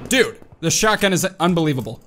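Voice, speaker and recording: A man giving casual let's-play commentary on a shooter game, excitable and prone to sudden yelps and exclamations. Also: on the high side, noisy background. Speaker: gaming YouTuber. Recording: loud game gunfire behind voice. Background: video game gunshots and effects.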